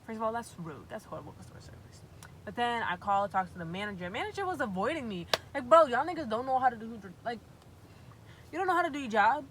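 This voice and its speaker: A young woman from Massachusetts telling a storytime vlog with animated, profane, exasperated storytelling. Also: on the high side, fast talker, slight background noise, rough recording. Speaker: vlogger.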